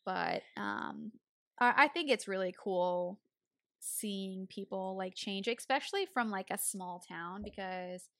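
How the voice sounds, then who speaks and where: A woman's voice: mid-range voice, slow pace, fairly bright tone, no room sound, clean studio sound. A young woman co-hosting a podcast, chatting casually and laughing easily, often saying "like". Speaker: podcast co-host. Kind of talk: casual chat.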